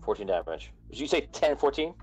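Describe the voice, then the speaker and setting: A man's voice: mid-range voice, very animated, fairly quick, darkish tone, breathy edge, soft background music, rough recording. Man narrating a tabletop game. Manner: loose, rambling narration with many restarts. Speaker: game master.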